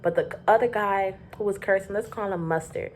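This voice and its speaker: A woman from Florida telling a rambling, profane storytime about her work, animated and loose. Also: medium pitch, fairly quick, slight background noise. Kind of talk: casual storytime.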